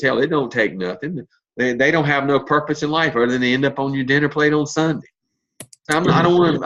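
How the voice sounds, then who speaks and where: Through a muffled recording comes a sharp-toned, mid-range voice: a man in his fifties leading a network marketing motivational talk, telling stories bluntly and folksily with some mild cursing.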